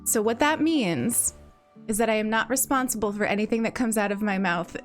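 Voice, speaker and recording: A woman's voice: mid-range voice, fairly quick, soft background music. A woman hosting a livestream in casual chat. She greets viewers in a bubbly way, repeats her phrases and laughs often, and has a slight morning cough. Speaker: livestream host.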